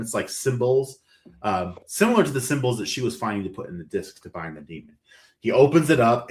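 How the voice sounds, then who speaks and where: A man hosting a podcast, retelling a horror movie's plot in a rambling, animated way with lots of quoted lines. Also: medium pitch. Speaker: podcast host.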